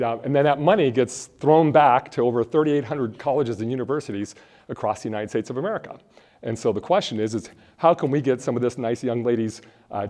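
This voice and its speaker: A man of average pitch presents a live workshop on college costs, speaking into a handheld mic before a room full of people. He is loose and jokey, wanders off on asides, and talks straight to the crowd. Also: darkish tone. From Phoenix, Arizona. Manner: jokey, rambling, chats with the audience. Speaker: college financial aid presenter. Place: event room with a live audience. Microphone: handheld or stand mic.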